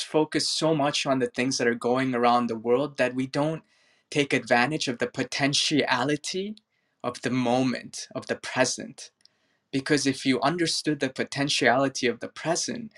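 A man gives a spiritual talk in an online audio room, speaking into his phone. He tells a parable earnestly in a mid-pitched voice, slowing down to stress key words. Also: a bit bright.

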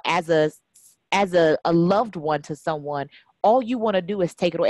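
A woman hosting a podcast, talking in a heartfelt and expressive way with laughs and sudden rises in pitch. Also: no echo, low-quality recording. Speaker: podcast host. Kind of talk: emotional casual conversation.

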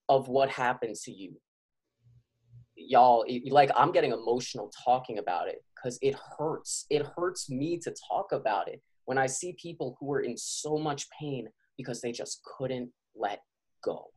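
A man's voice: medium pitch, normal speed, darkish tone, slightly rough. A man who works as a physical therapist, speaking urgently and passionately as a guest on a podcast and calling out to his listeners as y'all. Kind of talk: podcast interview.

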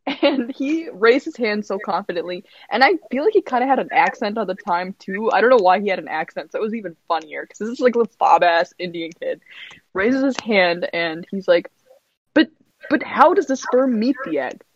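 A woman's voice: mid-range voice, animated, brisk. Giggly young woman telling a story. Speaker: podcast co-host. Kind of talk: casual chat. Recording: slightly dull lo-fi audio.

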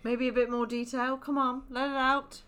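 A woman's voice: high voice, flat delivery, moderate pace, a bit bright, clear, resonant tone. A woman co-hosting a comedy podcast, teasing and laughing often in casual chat. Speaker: podcast co-host.

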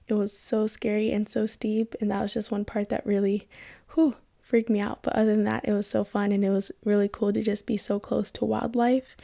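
A young Kenyan woman tells a personal story in a casual vlog, her mid-range voice carrying some vocal fry. She's animated and acts out the voices of the people she quotes.

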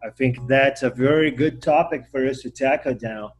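A man's voice: medium pitch, moderate pace, faint music behind. Easygoing male podcast host. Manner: easygoing, laughs at himself. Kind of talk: casual podcast conversation.

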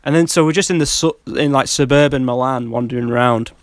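Guy, mid pitch, dry close sound, chatty storyteller who laughs a lot. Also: fast talker, no echo. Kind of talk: casual chat, anecdote telling.

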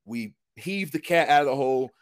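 A man, a retired football lineman, telling a hunting story in a casual, animated, slangy way, full of "dude" and "man". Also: medium pitch, a little fast.

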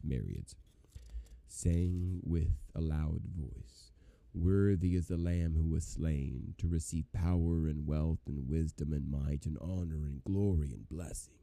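A man reading scripture aloud in a measured, solemn way. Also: a bass voice, creaky, warm tone, no echo. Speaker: Bible reader.

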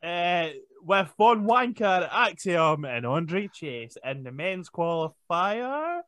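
A man's voice: sits high, big pitch swings, slow, fairly bright tone, dry recording, clean studio sound. A man hosting a podcast in casual chat, joking and laughing often. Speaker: podcast host.

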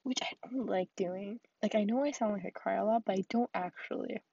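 A woman's voice: medium pitch, a little fast, vocal fry, mellow, breathy edge, no echo, lo-fi sound. A young woman venting in a solo vlog, rambling with lots of fillers and often dropping to a whisper. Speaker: vlogger. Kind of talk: solo confessional vent.

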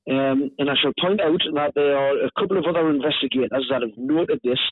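Husky man on a phone line. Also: medium pitch, a little fast, no echo. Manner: animated, repeats words when excited. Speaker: author and paranormal investigator, guest. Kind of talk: conversational storytelling. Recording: tinny phone-line call audio.

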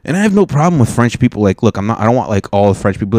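A comedian talking casually to camera, rambling and joking with plenty of swearing. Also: male voice, lowish voice, big pitch swings, rapid-fire, hardly any pauses, darkish tone, no echo, studio quality. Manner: profane, rambling, jokey.

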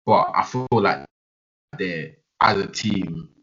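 A man's voice: sits low, slow pace, a bit bright. A young man, chatting casually about football, analytical but slangy. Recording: dull lo-fi audio.

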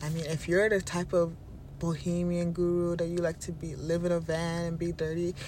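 Confident guy riffing on mindset and manifesting, preachy, quick bursts, faint hum behind him. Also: fairly high pitch. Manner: animated, self-assured, preachy, quick bursts. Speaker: self-help speaker. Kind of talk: casual motivational monologue.

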